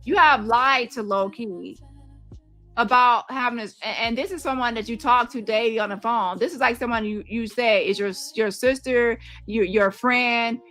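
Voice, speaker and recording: A woman hosting a commentary stream, her voice sitting a little high and sounding bright and sharp. She talks heatedly and keeps doubling back on words as she piles up one accusation after another. Faint music plays underneath. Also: moderate pace. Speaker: host. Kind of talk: casual commentary to camera.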